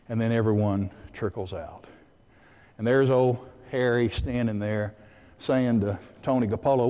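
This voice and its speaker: A man preaching a sermon and telling a story in a lively way, acting out the voices of the people in it. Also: mid-range voice, long reverb tail.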